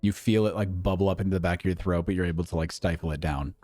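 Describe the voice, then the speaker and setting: A man's voice: low-pitched, steady tone, fast talker, a little mellow, no room sound. A man running a tabletop role-play game as game master, narrating in a loose, casual way with fillers.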